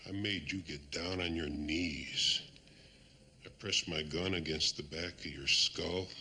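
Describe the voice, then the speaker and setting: A deep, sneering tormentor. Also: male voice, fairly even intonation, slow pace, bright, forceful tone, slight background noise, heavily acted. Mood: mocking. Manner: mocking, cruel laughter. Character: taunting, sneering man menacing a foe. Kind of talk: television drama acting.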